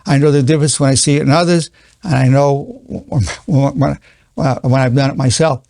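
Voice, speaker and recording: A man's voice: mid-range voice, fairly even intonation, normal speed, creaky, darkish tone, dry recording, clean studio sound. A man in his eighties, a psychologist giving an earnest spoken lesson, repeating key phrases with stammering restarts. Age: 80s.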